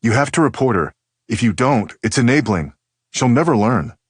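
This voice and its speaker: A bossy, worried grown daughter , as a man narrating an audiobook puts her on, her lines clipped and insistent. He lifts his voice for her, though its very low base still shows through. The recording is close and dry, with no room sound. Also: normal speed, darkish tone, no echo, lightly acted. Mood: stern. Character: anxious controlling adult daughter.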